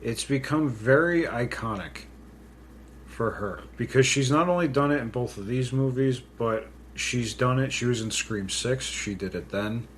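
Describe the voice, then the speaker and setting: A man's voice: mid-range voice, measured pace, slight background noise. A man co-hosting a casual podcast from home, joking and self-deprecating as he talks through a movie. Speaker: podcast co-host. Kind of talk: casual chat. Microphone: pink studio mic.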